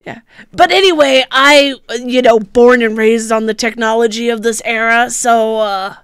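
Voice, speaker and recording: A woman with a high voice chats casually as a player in a tabletop game. She laughs often and restarts her sentences, and her voice sounds close and dry. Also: moderate pace, fairly bright tone, smooth, no room sound.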